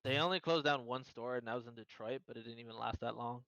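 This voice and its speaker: A man in casual podcast chat, telling stories excitedly in slangy speech. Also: medium pitch, fast, creaky, clear, resonant tone, no echo, dull audio.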